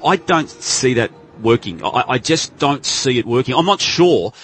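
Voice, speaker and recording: An Australian radio co-host lays out his view in a measured, deliberate way. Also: medium pitch, expressive, a bit bright, soft background music. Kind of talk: sports radio discussion.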